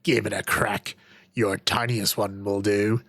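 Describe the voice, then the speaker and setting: Lewd burly alien mobster, voiced by a male narrator, deep and lowered, slow and suggestive, dry close audiobook sound. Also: steady tone, bright, forceful tone, no echo, exaggerated voice. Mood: leering.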